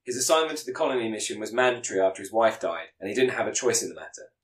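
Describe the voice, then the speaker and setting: A man reading out a scripted plot pitch as a podcast co-host, sometimes stumbling and correcting himself. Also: expressive, very fast, echoey room, rough recording. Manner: reads with stumbles and self-corrections.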